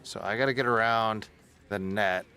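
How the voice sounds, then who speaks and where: A man's voice: fairly low pitch, fairly even intonation, normal speed, bright, forceful tone, clear, resonant tone, faint music behind. A man giving casual running commentary while playing a survival game, muttering and swearing under his breath as he sneaks along. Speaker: gaming streamer.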